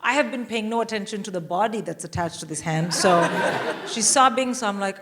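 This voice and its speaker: A woman from India, a guest comedian, telling a stand-up story on a live stage with animated, swearing asides. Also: mid-range voice, slight background noise. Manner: animated, swearing, quick asides to a laughing audience. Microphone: stage microphone.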